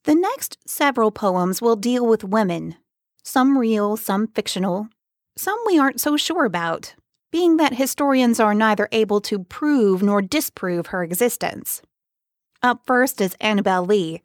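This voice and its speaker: A woman's voice: medium pitch, expressive, a little slow, no echo, studio quality. A woman giving a casual, conversational introduction to the next poems. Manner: plain, conversational commentary.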